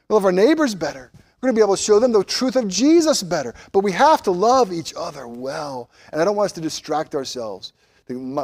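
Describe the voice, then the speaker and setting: A man preaching a sermon as pastor of a church, swinging between loud emphatic rises and quiet, low passages, closing in prayer. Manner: animated, rising loud on emphasis, dropping soft and low.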